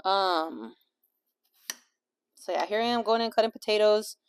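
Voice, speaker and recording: A woman's voice: medium pitch, unhurried, a little hiss or hum. A woman vlogger and life coach in a home kitchen, rambling candidly through a casual chat full of fillers and swearing. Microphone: small clip-on mic.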